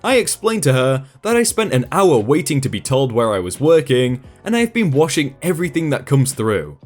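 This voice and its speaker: A man's voice: medium pitch, sing-song, moderate pace, soft background music. A man reading a first-person story aloud in a dry, sarcastic storytelling manner. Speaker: storytime narrator.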